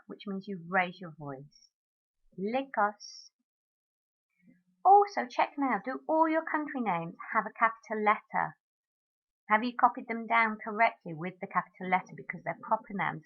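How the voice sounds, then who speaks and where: A woman French teacher talking her class through marking answers in a recorded lesson, modelling each French word clearly. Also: medium pitch, dull audio.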